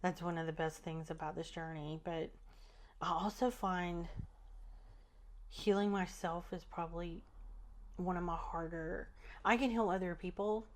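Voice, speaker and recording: Female podcast host, lower voice, relaxed rambling chat. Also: a little slow, long pauses. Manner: relaxed, chatty, trailing off mid-thought. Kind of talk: casual spiritual chat.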